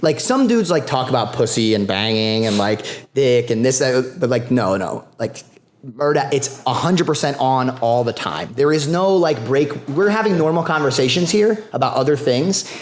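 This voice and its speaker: Animated, swearing young man telling stories. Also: mid-range voice, moderate pace. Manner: animated, profane, filler-heavy storytelling. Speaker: guest grappler. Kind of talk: casual podcast storytelling.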